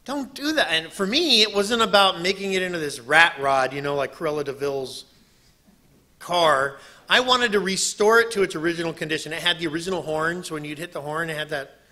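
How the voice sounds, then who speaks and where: Bright-voiced, animated male preacher. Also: fairly high pitch, brisk. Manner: animated storyteller who acts out quotes. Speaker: preacher and missionary. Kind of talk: sermon with personal story.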